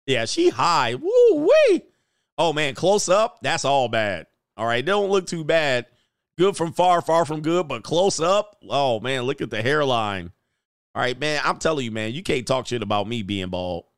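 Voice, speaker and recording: Male host, casual slang-heavy reaction commentary, mid pitch, clean dry sound. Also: normal speed, clear, resonant tone, no room sound. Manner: joking, animated, laughs often, slang-heavy.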